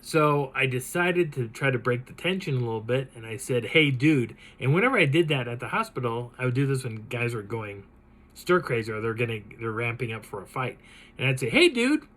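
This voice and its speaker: A man recounts a personal encounter for his channel. He tells it dramatically and with animation, and his voice sits at a plain middle pitch. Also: a little fast, low-quality recording. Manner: animated, dramatic retelling with laughs. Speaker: channel host. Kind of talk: telling a personal encounter story.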